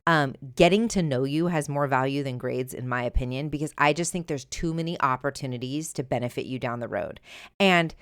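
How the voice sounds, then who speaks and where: A middle-aged woman hosting a solo advice podcast, talking emphatically and conversationally, sometimes animated. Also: a bass voice, fairly quick, smooth, no echo, studio quality. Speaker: podcast host. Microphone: earbuds with mic.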